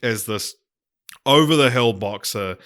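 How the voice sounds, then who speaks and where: A man with a New Zealand accent co-hosting a podcast, reciting a made-up plot in a dry, deadpan way. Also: mid-range voice, a little slow. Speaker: podcast co-host. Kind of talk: casual chat, reading out a made-up plot.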